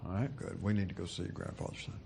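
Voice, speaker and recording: An actor playing a weary oilman arranging a funeral, speaking in a dry, deadpan way. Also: deep voice, quick pace, creaky, slight background noise. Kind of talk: TV drama dialogue.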